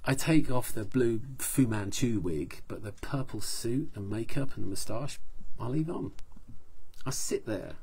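A man reads his own comic short story in a wry, deadpan first-person voice. His delivery is lively, with a husky, slightly breathy tone. He sits at a middling pitch. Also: unhurried. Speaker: author reading his story.

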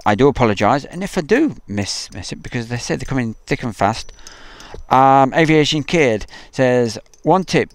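A man hosting an outdoor live stream by an airfield, chatting casually and reading out viewer comments, joking and pausing with frequent ums. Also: mid-range voice, no room sound. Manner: chatty, jokey, halting with many ums.

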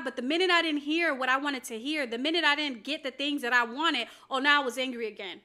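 A woman's voice: sits high, fast, hardly any pauses, bright, forceful tone. A woman, a faith coach, giving a fervent personal testimony sermon to her camera, with emphatic repetition.

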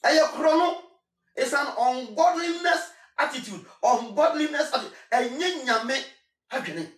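A man's voice: extremely high pitch, expressive, unhurried, a bit bright, reverberant, distant mic. A Ghanaian man, a singer, making an impassioned spoken appeal in an emphatic, repetitive, preacherly way, switching between Twi and English.

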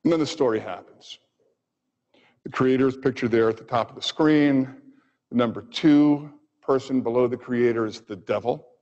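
A male physician giving a lecture, retelling an old story with expressive pauses in a lecture hall. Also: mid-range voice. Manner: expressive, pausing for effect. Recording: dull audio with long hall reverb.

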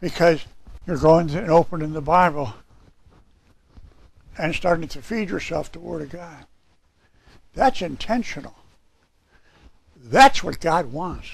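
A man's voice: fairly high pitch, animated, measured pace, gravelly, long pauses, breathy edge. A male pastor preaching a sermon, emphatic and repeating his key phrases.

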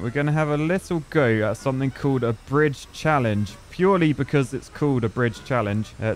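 A young man giving casual, jokey, self-mocking commentary while playing a game. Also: medium pitch. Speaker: gaming YouTuber.

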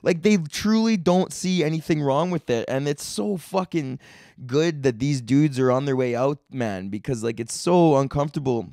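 A man's voice: mid-range voice, normal speed, vocal fry, mellow, dry recording. Chill young dude ranting on his podcast, swears a lot, says man and bro constantly, dry close mic. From Canada. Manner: laid-back, profane, slangy, rambling with frequent "man" and "bro". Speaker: comedy podcast host. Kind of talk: casual solo rant.

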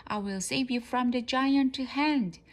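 A small storybook guinea pig who insists he is one bad pig grumbles and growls his lines. His words come gruff and boastful, even when he plays the hero, voiced by a woman reading aloud. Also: sits high, slow pace, pitched above the performer's own voice. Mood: heroic. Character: tough-talking male guinea pig who wants to be a bad pig.

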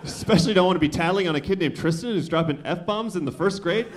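A man in his thirties performing a stand-up comedy set in a comedy club, talking casually and slipping into quick voices for the people in his stories. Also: high-pitched, noisy background. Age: 30s. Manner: conversational, acts out quick voices for friends and his son.

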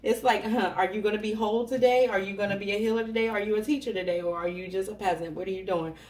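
A woman's voice: medium pitch, fairly even intonation, quick pace, darkish tone. A woman reading tarot cards for her viewers in a casual, chatty way, laughing often and talking to them directly. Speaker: tarot reader. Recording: echoey room, voice a bit far from the mic.

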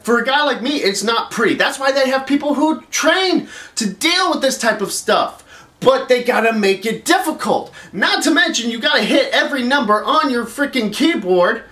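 Exasperated ranting man with lively pitch. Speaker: vlog host. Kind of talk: comedic rant vlog. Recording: roomy echo.

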